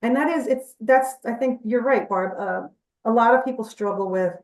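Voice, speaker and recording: A woman's voice: on the high side, moderate pace, a little mellow, far from the mic. Chatty woman guest in an echoey room. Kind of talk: conversational interview storytelling.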